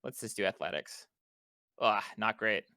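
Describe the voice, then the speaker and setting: Smooth, bright man player. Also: fairly low pitch, a little slow, no echo, studio quality. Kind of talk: casual tabletop game chat.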